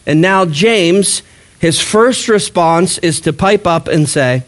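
Animated preaching man, fairly high voice. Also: slow pace. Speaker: pastor. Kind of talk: sermon.

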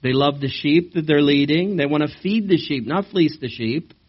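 A man preaching a sermon during a church service, animated and asking the congregation questions. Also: on the high side, moderate pace. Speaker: pastor. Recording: slightly dull recording.

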